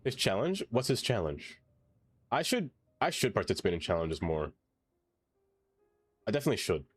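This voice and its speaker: A man's voice: lowish voice, sing-song, normal speed, slightly rough, no room sound, faint music behind. A man streaming a city-building game, chatting casually with viewers, singing along and joking. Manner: playful, singing along and doing silly voices. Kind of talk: casual gameplay commentary.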